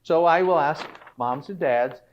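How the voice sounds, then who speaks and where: A middle-aged man talks through a health seminar in a casual, conversational way. He keeps checking in with rhetorical questions, his voice sitting a little high. The recording is dull and lo-fi. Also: unhurried, a little hiss or hum. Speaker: health speaker. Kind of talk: health talk to a live audience.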